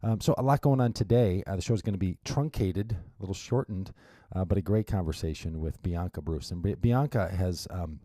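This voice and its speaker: A low-voiced man hosts a radio show by himself, talking into a studio mic. His tone is mellow and relaxed, and he rambles casually with wry little asides. The sound is dry and close. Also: moderate pace, hardly any pauses, dry recording. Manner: chatty and rambling, with wry asides and frequent restarts. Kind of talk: casual solo radio monologue.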